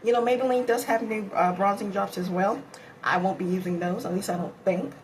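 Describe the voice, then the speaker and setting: A woman of middle pitch chats her way through a makeup tutorial, rambling and talking to herself as she works. She sounds tired and a little out of breath. A faint hiss sits under the home recording. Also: brisk, poor audio. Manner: chatty, rambling, self-talk while applying makeup. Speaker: beauty vlogger. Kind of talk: casual makeup tutorial chat.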